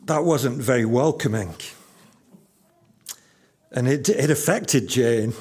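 A man's voice: mid-range voice, takes it slowly, long pauses, a little mellow, breathy edge. A man in his fifties preaching a sermon as pastor, emphatic and repeating key lines for weight.

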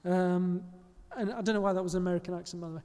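High-voiced male preacher in a reverberant hall. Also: rapid-fire, a little mellow. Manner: conversational preaching with small slips and self-corrections. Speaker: pastor. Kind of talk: sermon.

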